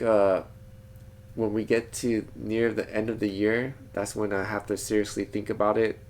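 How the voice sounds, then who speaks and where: Male vlogger, deep-ish and a bit creaky; easygoing, digressive talk from a home studio. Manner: digressive, thinks aloud with frequent restarts. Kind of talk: casual rambling vlog monologue.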